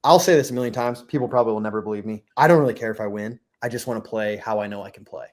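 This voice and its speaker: A young man chatting casually as a podcast guest, telling stories fast and slipping into mimicked quotes. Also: on the low side. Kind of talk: casual chat.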